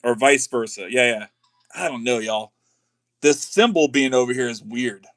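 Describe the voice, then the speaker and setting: A middle-aged man, chatting excitedly on a live card-opening stream. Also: mid-range voice, normal speed. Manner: excitable, says y'all a lot.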